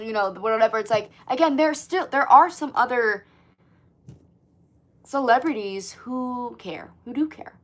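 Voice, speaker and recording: Woman, 20s, livestream host. Casual, profane, animated chat with viewers. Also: a little high, unhurried. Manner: chatty, swears often, lots of "like", animated.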